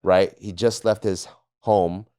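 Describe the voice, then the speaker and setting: A man with a low voice telling stories in loose, casual chat. He swears often, laughs at his own stories and briefly barks out the lines of drill instructors. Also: fairly even intonation, takes it slowly, dark tone, clear, resonant tone. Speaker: podcast panelist, former Marine. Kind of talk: casual storytelling.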